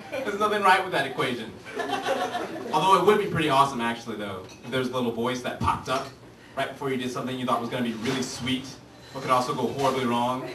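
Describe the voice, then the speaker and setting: A man's voice: fairly high pitch, background noise. A male stand-up comedian on a club stage, ranting in a brash, profane way. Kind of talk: stand-up routine. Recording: roomy, distant club recording, loud audience laughter.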